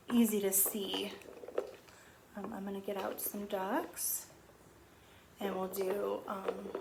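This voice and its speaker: Gentle woman teaching young children. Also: medium pitch, very noisy. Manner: gentle, slow counting, sing-song encouraging tone. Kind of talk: remote lesson for young children.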